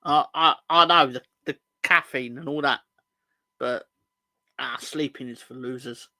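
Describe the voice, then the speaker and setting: Gravelly, rambling male podcast host. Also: mid-range voice, unhurried, pushed and bright, dry recording. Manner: rambling, swears, jokey self-corrections. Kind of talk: casual late-night chat reading viewer comments.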